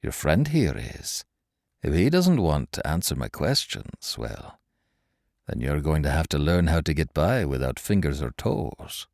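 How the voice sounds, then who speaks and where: A sadistic male interrogator speaks in a low, hushed, unhurried voice, as a narrator puts him on. He lingers on words with icy mockery. The audiobook sound is close and dry. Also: big pitch swings, vocal fry, dry recording, exaggerated voice. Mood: cold menace. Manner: cold, mocking, slow and menacing. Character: cold, sadistic male interrogator, middle-aged.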